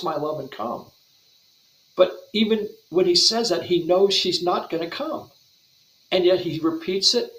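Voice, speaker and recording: A guest Bible translator on a podcast offers earnest devotional teaching, his somewhat high voice fairly bright in tone. He speaks in a flowing way, often restarting briefly and repeating words, against a noticeably echoey room.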